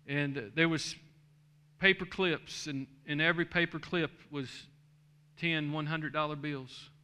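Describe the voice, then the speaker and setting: A man's voice: fairly high pitch, fairly even intonation, measured pace, bright, forceful tone, clean tone. A middle-aged man, a pastor, telling a story in a sermon and building to a fervent preaching cadence, in a church sanctuary.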